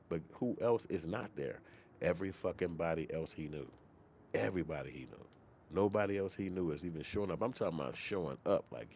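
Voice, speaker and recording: A man hosting a commentary channel, talking in a casual, profane, animated rant. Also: sits low, fairly quick, slight background noise. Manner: profane, animated, slips into mock quoted voices.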